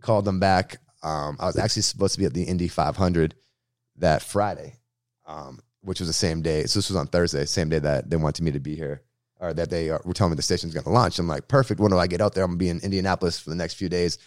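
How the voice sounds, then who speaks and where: Deep-voiced radio host from Boston, quick slangy storyteller, interview guest. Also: male voice, dry recording, clean studio sound. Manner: slangy, lively anecdotal telling.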